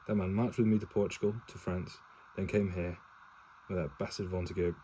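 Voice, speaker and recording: A man's voice: sits low, steady tone, normal speed, dark tone, a little hiss or hum, poor audio. A man reading a war novel aloud for his partner in a casual home read-aloud, stumbling and correcting himself, with swearing asides and no character voices.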